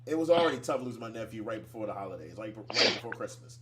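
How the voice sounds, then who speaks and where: A man with a lowish voice speaks softly and haltingly, his words heavy with grief. A faint hum sits under the recording. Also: lively intonation. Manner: soft-spoken, grieving, halting. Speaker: podcast host. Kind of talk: casual podcast talk.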